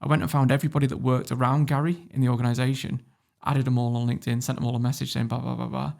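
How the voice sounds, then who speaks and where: Gravelly, sweary British man telling stories. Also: medium pitch, rapid-fire. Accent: British English. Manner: blunt, sweary and animated. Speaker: podcast guest. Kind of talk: casual storytelling.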